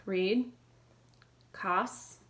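A woman teacher leading a phonics lesson, calling out brisk drill prompts and giving quick praise. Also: mid-range voice, a bit bright, slight background noise.

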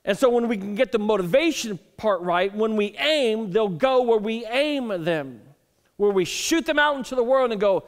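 A pastor in his thirties preaches in a relaxed, conversational way, telling stories and often stumbling into repeated starts. His voice sits high for a man. The sound carries a long reverb from a large hall. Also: normal speed. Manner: conversational, self-deprecating storytelling with frequent repeated starts. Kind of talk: sermon.

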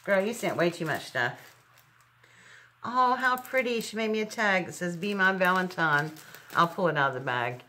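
A middle-aged woman with a drawl talks through a craft gift unboxing in a bright, forceful voice that sits a little low. She gushes and exclaims as she goes, chatty and warm toward her viewers. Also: lively intonation, moderate pace. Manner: gushing, exclaims over each item. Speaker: crafting channel host. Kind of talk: casual unboxing chat.

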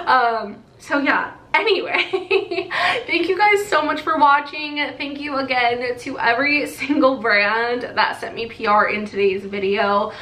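High bright young woman gushing over a haul, giggly, echoey room. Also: slow. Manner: bubbly, gushing, laughs often. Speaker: beauty vlogger. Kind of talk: excited haul unboxing chat. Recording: echoey room, faint noise.

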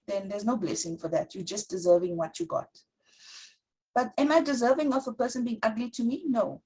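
Woman Bible teacher with a husky, breathy voice; earnest sermon delivery, reads verses slowly. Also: a little high, rough recording. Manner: earnest, slows to read scripture aloud.

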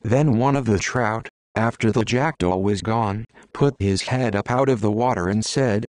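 Man reading a kids' storybook, steady pace, low voice, dry close sound. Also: no room sound. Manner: steady and measured. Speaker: audiobook narrator. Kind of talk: scripted storybook narration.

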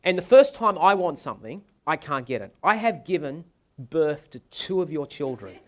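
An exasperated wife pours out her grievances in a quick, indignant rush, as a man puts her on. The voice sits somewhat high. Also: sing-song, a bit bright. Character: exasperated wife demanding a ring.

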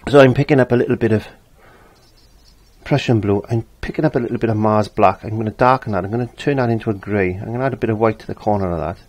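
Husky older man teaching painting. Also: lowish voice, fast talker, a little mellow. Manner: chatty, repeats his phrases. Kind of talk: casual painting tutorial.

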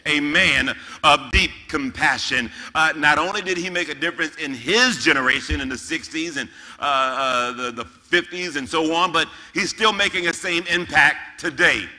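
Pastor guy preaching, kinda high voice, big echoey sanctuary, dramatic delivery. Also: normal speed, hardly any pauses, pushed and bright. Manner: dramatic scripture reading, varied emphasis. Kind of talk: sermon. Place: large church sanctuary. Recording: reverberant church hall with faint music.

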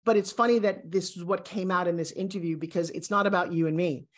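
A woman in her sixties, a guest, talking in an emphatic, animated and self-assured way in a motivational interview. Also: lowish voice, quick pace. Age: 60s.

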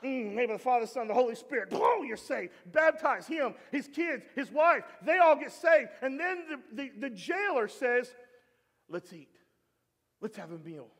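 High-voiced pastor preaching in a reverberant hall. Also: male voice, moderate pace, few pauses. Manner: animated, swings from shouting to low asides. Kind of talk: sermon. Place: church sanctuary.

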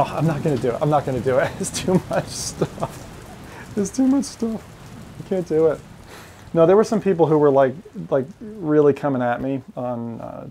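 Streaming a VR game, a man chats in a warm, medium-pitched voice, rambling along and reading his viewers' messages out loud.

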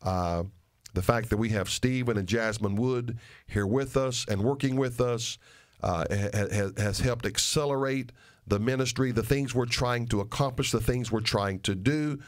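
A man's voice: medium pitch, normal speed. An older man, a pastor, making an earnest and emphatic appeal to his listeners, repeating phrases for stress. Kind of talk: radio sermon and ministry appeal.

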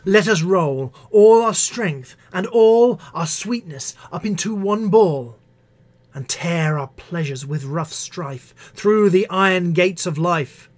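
A man who teaches English, reading poems aloud with expressive, measured delivery and breaking off into hesitant spoken asides. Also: high-pitched. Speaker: English teacher hosting a live stream. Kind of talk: poetry reading with commentary.

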